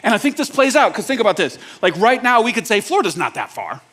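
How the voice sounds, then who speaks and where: A male pastor preaching a sermon in a casual, joking, conversational way, often checking in with the congregation with quick questions. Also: extremely high pitch, animated, a bit bright. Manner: asks the audience rhetorical check-ins.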